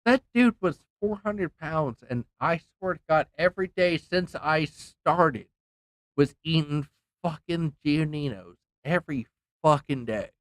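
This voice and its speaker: A man's voice: fairly high pitch, unhurried, no echo. A man streaming a game, telling a rambling story in a heated, profane way, with many restarts. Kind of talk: casual ranting story while gaming.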